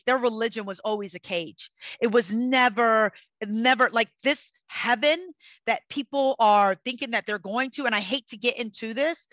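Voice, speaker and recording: A woman with a bright, somewhat high voice speaks passionately and forcefully, preaching self-empowerment. Her delivery is insistent and motivational, recorded close and dry with no room sound. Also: no echo, rough recording. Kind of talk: casual conversation.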